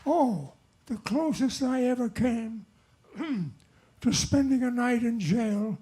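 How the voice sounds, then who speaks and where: An older man accepting an award on a nightclub stage, telling jokes in a halting, wandering way. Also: very high-pitched, noisy background. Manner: halting and wandering, with lots of restarts. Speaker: award honoree. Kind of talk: rambling speech with told jokes.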